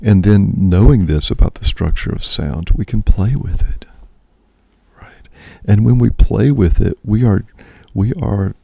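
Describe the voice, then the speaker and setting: A man's voice: on the low side, a little slow, creaky, dark tone, slightly rough, no echo, studio quality. A man, a priest and host, musing aloud in casual spoken reflection, often checking in with "right?".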